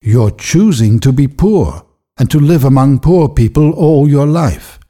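A poor older weaver speaks quietly, full of feeling, as a male narrator voices him. The voice is slow and mellow, with a husky texture. His pitch moves with lively expression. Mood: pained. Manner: quiet, emotional.

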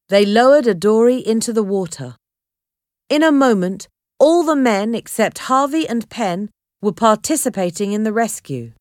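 A woman narrating a chapter of an adventure storybook in a clear, measured reading. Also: on the high side, expressive, darkish tone, dry recording, studio quality. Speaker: audiobook narrator.

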